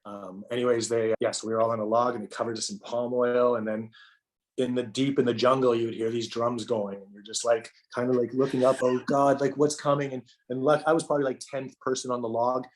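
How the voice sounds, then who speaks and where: A middle-aged man appearing as a podcast guest shares an emotional personal story haltingly, restarting, repeating words and using many fillers. His voice is medium-pitched and steady.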